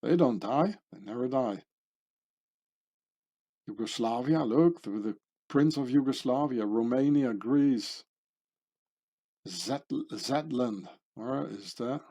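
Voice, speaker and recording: Slow, mellow-voiced man musing aloud. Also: medium pitch. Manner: musing, rambling, trailing off with fillers and self-corrections. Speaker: video commentator. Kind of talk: casual commentary reading through a list of names.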